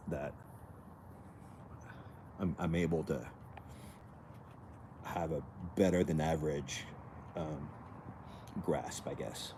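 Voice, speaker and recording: A man from France with a light French accent, chatting casually with viewers in a halting, rambling way, sitting outdoors in the cold after a workout. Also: rumbling low, dark tone, slight background noise. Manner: rambling, halting, many restarts and fillers. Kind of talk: casual livestream chat with viewers.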